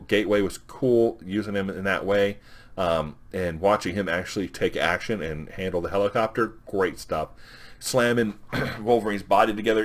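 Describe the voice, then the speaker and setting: Man, very low voice, casual comic book reviewer, rambling recap with restarts. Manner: rambling, with restarts and quick quoted dialogue.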